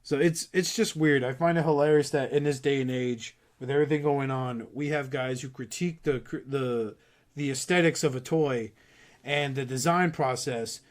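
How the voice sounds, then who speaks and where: A man who is a podcast guest, chatting casually and telling stories in an animated way with quick switches into other voices. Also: medium pitch. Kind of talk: casual chat.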